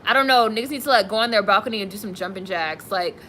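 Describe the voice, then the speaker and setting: A woman's voice: medium pitch, fast talker, pushed and bright, slight background noise, rough recording. A young woman streaming live, reading viewer comments and reacting with candid, sassy asides. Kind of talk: casual live-stream chat.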